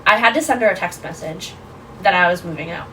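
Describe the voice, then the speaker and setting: A woman in her twenties, a podcast guest, telling a story in a casual, animated way, full of "like". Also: fairly low pitch, fast, distant mic, slight background noise, low-quality recording. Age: 20s. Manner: animated, lots of fillers like "like".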